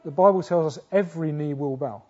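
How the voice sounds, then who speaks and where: Man, sermon, husky mellow voice, emphatic swells, rhetorical questions, muffled lo-fi recording. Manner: earnest, building to loud emphatic peaks, then dropping low; halting restarts and rhetorical questions. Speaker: preacher. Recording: dull lo-fi sound.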